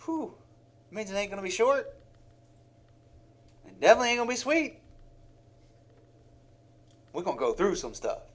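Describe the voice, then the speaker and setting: Guy preaching, high voice that swoops all over, sighs a lot, acts stuff out. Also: wildly swooping pitch, normal speed, pauses often. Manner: heartfelt, with sighs and acted-out examples. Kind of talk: sermon.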